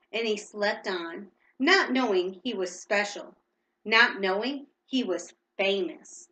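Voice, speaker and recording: A woman's voice: mid-range voice, a bit bright, echoey room, rough recording. A woman reading a storybook aloud to a child at home, reading steadily and stopping now and then to ask questions.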